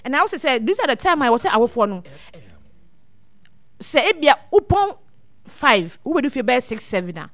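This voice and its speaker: Guest expert, woman, high voice, dry close sound, earnest and repetitive. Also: sing-song, moderate pace, pauses often, a bit bright, no echo. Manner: earnest, repeats words as she thinks. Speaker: guest speaker on child welfare. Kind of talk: casual advice talk mixing two languages.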